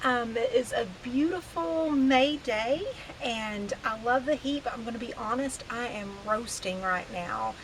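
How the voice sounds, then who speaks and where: A woman's voice: fairly high pitch, a little slow, slight background noise, rough recording. A woman in her thirties chatting casually to camera from her back porch, laughing easily and poking fun at herself. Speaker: vlogger. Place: outdoor back porch deck. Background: faint outdoor ambience.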